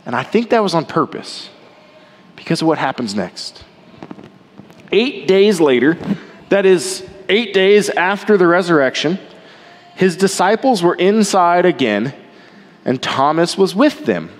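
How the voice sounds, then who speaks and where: Male pastor, high voice, slow deliberate delivery, animated sermon swinging between loud and hushed. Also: long reverb tail. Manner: animated, rising and falling between loud emphasis and quiet softness.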